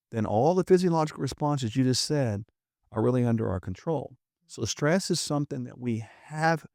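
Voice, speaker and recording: A man's voice: mid-range voice, creaky, a little mellow, dry recording, studio quality. A middle-aged man, a doctor and podcast guest, explaining in an emphatic, earnest and persuasive way. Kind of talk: conversational explaining.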